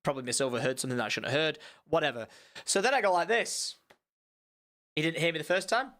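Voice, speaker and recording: A young man telling a story on a live stream, animated and rambling, with swearing and many restarts. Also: on the high side, quick pace.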